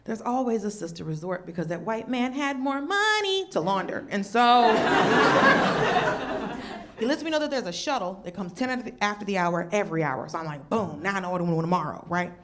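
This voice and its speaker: A woman comedian doing a stand-up set, telling a story in an animated way and jumping into high voices when she plays other people. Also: fairly quick. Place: stage before a laughing audience. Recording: live show with audience noise.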